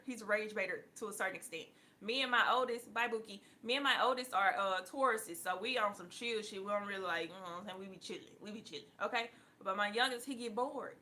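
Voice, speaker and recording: A woman in her thirties talks straight to her viewers, blunt and full of cussing, with sudden loud bursts and laughter. Her voice is bright and forward and sits a little high. She sounds like a tarot reader chatting with her audience. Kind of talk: casual talk to viewers.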